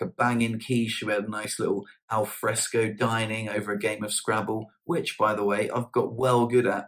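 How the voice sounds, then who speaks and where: Chatty man, lower voice. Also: fairly bright tone. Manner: chatty, slangy storytelling with self-mocking humour. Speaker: vlogger. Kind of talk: casual chat to camera.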